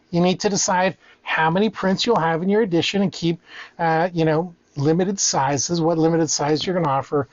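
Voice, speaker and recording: A man's voice: high-pitched, dry recording, dull audio. A man hosting a casual to-camera advice show, his throat a little scratchy, talking loosely with lots of fillers and repeated words. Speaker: host.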